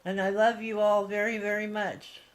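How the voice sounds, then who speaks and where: A woman hosting a paranormal investigation, earnestly and warmly addressing spirits during a ghost box session. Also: mid-range voice, flat delivery, normal speed.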